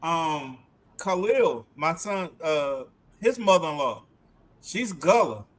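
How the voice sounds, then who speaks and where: A man's voice: on the high side, slow pace. A man, chatting casually as a livestream co-host and telling stories with laughs. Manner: animated, laughing storyteller. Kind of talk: casual chat.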